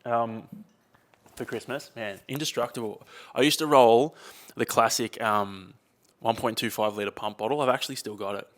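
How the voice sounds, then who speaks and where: A man's voice: mid-range voice, moderate pace, a bit bright. A young man, chatting casually and rambling on his own podcast. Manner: rambling, chatty, uses slang like mate and dude. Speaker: podcast host. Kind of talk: casual solo podcast chat.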